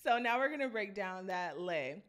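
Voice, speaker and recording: Lively woman vocal coach. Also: medium pitch, moderate pace. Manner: enthusiastic, breaks into sung demonstrations. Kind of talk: singing lesson, demonstrating vocal runs.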